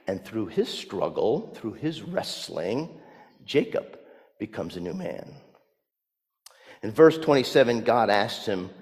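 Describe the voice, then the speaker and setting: A male pastor preaching a sermon, telling a story and swinging from hushed words to loud emphasis. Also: fairly low pitch, very animated, a little slow, pauses often, big-room sound.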